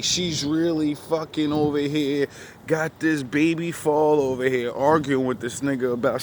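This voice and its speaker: A man's voice: a little high, fairly even intonation, normal speed, crowd noise. A man in casual chat, telling a rambling story full of profane street slang.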